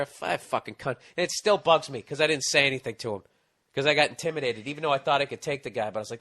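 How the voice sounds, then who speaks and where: A man's voice: medium pitch, fast. Profane ranting man on a podcast. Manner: profane, ranting, animated storytelling. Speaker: podcast host. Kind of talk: casual comedic podcast chat, reading a listener letter.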